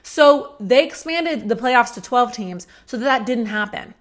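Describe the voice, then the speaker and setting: A woman's voice: on the high side, lively intonation, unhurried. A woman hosting a solo sports podcast, giving sassy, blunt commentary with casual swearing and mocking asides. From Georgia fan. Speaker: podcast host.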